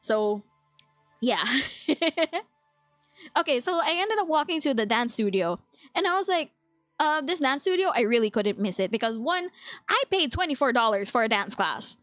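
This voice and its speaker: A chatty young woman with a Filipino accent, talking casually to her live chat and laughing often. Her voice sits a little high. The sound is dry and close, with faint music playing behind her. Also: very animated, fairly bright tone, dry recording. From Philippines. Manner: chatty, quick to laugh, reads chat aloud. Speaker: VTuber streamer.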